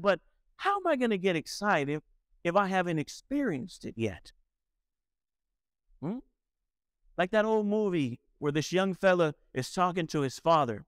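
Male pastor, sermon delivery, emphatic and questioning, high register, dry close sound. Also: sing-song, moderate pace, pauses often, no echo. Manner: emphatic preaching with rhetorical questions to the congregation.

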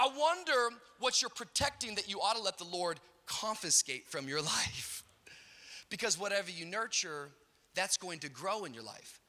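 A middle-aged man preaching a sermon, telling a funny story in a storyteller's way and building up to shouted peaks. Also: high voice. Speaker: pastor. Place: large church auditorium. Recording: hall reverb.

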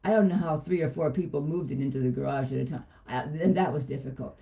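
Hoarse woman, mellow tone, chatty and rambling co-host. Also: low voice, fast talker. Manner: chatty, rambling storyteller, laughs easily. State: hoarse, a frog in her throat. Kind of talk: casual chat.

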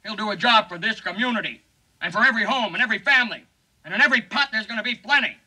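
A man in a 1950s film comedy putting on a shifty male campaign pitchman with glib, folksy patter. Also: very fast, sharp tone, husky, full character voice, rough recording. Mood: pleading. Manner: glib, folksy, over-earnest sales patter.

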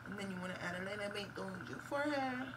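A young beauty vlogger talks through a makeup tutorial fast and candidly, swearing and laughing a lot. Her voice is mid-range, and the recording is very noisy, made in a room at home with a fan running.

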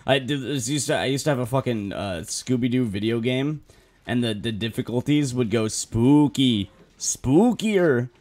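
A man's voice: medium pitch, a little fast, a little mellow. A young man streaming a multiplayer game, chatting casually with teammates, laughing often and swearing freely. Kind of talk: casual gaming commentary.

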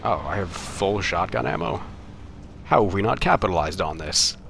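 Low-voiced rambling young streamer man. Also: sing-song, creaky, a bit bright, a little hiss or hum. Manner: rambling, self-mocking, halting. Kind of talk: live game commentary.

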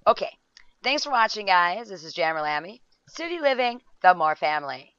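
Woman on a dull dry mic, yelling and laughing at her sims game. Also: lowish voice, normal speed, clear, resonant tone, no room sound. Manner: excitable, shouts at the screen, laughs a lot. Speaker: gameplay video host. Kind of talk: casual gameplay commentary.

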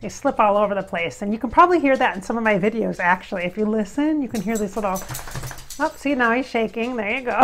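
A chatty woman talks straight into her phone from a bedroom nook in a casual, rambling way, and keeps stopping to call her dogs over. Her voice sits a little high, with some faint noise in the background. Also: animated, a little fast, a bit bright. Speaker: vlogger. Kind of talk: casual home vlog. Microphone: phone camera.

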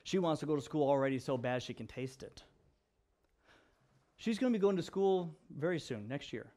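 A young adult man, a pastor, telling stories in an animated sermon that moves from hushed to loud. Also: fairly high pitch, normal speed. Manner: animated storyteller, swings from hushed to loud and laughing. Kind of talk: storytelling sermon.

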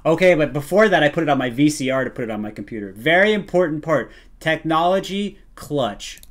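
A man streaming a live reaction to a video, playful and prone to bursts of loud hype yelling. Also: a little high, animated, fairly quick.

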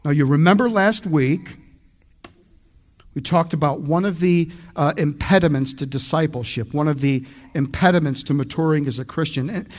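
A man from the United States preaching an expository sermon as pastor, emphatic and conversational, speaking straight to his congregation. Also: a little high.

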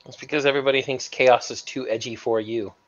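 A male guest on a casual podcast, cutting in with short, dry jokes. His voice has a middle pitch and comes through a dull, lo-fi call line that takes the sparkle off it. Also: fairly even intonation, fast. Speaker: guest co-host.

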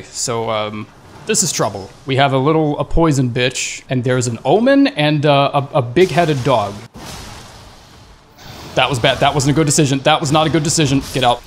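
A young man narrating his own game run in loose, unscripted commentary, swearing freely and mocking the enemies he meets. His voice sits at an ordinary middle pitch, and he trips over his words in quick restarts. A faint hiss stays underneath the whole time. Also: lively intonation. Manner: profane, sarcastic, talks to enemies, frequent stammered restarts. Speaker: gaming YouTuber. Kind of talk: casual gameplay commentary.

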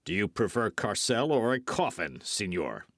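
A man's voice: fairly low pitch, very animated, normal speed, fairly bright tone, no room sound, clean studio sound, exaggerated voice. A man voicing a masked male outlaw who gives stern, clipped threats. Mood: commanding.

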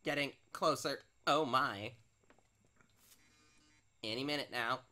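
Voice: mid-range voice, takes it slowly, pushed and bright. A let's play co-host reacting to the game with sarcastic, swear-filled remarks. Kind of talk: gameplay commentary.

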